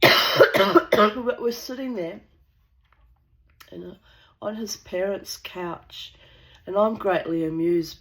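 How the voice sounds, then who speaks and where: A woman's voice: on the low side, a bit bright, low-quality recording. A woman from New Zealand telling a casual, rambling anecdote, blunt and sweary, with the odd cough.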